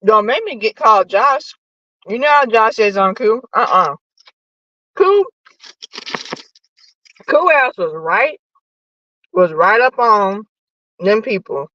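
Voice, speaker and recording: A woman hosting a casual, profane sports chat from her parked car while eating lunch, animated and nosy. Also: medium pitch, dry recording, muffled recording. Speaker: sports podcast host. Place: parked car in a parking lot.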